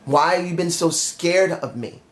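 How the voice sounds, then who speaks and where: A man voicing a menacing veteran male wrestler who taunts with slow, goading questions. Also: fairly high pitch, lightly acted. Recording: roomy echo.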